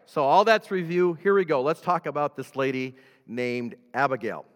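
A man's voice: mid-range voice, normal speed, big-room sound. A man preaching a conversational sermon, talking directly to his congregation and chuckling often. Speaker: pastor.

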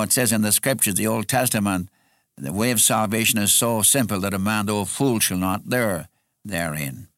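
A man's voice: fairly low pitch, a bit bright, no room sound, studio quality. A man preaching an expository sermon in an earnest way, repeating phrases for emphasis.

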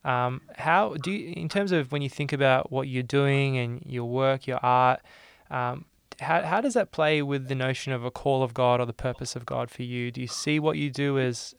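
A man hosting a casual interview, asking thoughtful, halting questions with many restarts. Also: mid-range voice, vocal fry, smooth, no room sound. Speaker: podcast host. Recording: dry close sound.

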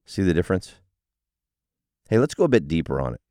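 A man hosting a solo motivational podcast, explaining ideas in an animated, coaching delivery. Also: deep voice, fairly quick, no echo, studio quality. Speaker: podcast host.

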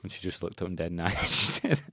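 A young man with a Northern Irish accent tells sweary stories in a laid-back podcast chat. His voice sits very low. The sound is dry and close. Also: animated, very fast, vocal fry, sharp tone, no echo. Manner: swearing, storytelling, laughing. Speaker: podcast host and coach.

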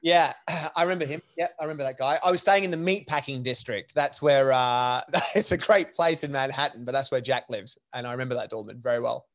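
A man's voice: medium pitch, brisk. A man, a podcast guest, rambling through memories in a self-deprecating, chatty way. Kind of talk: casual podcast chat.

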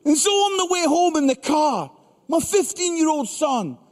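Animated preacher man in a reverberant hall. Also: extremely high pitch, moderate pace. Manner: animated, punchy, acts out voices in stories. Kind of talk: humorous sermon storytelling. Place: large hall with live audience.

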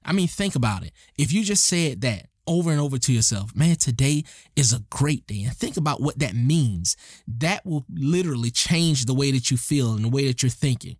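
A man's voice: medium pitch, expressive, a little fast, darkish tone, slightly rough, dry recording, studio quality. A man hosting a motivational podcast, talking earnestly and emphatically and repeating his key lines for effect. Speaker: podcast host.

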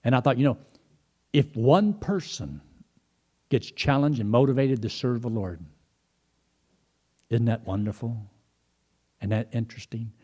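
Delivering a storytelling sermon, a middle-aged man speaks a little slowly in a mid-range voice that is husky and darkish in tone, pausing often. He spins folksy tales and recounts phone conversations in quoted speech.

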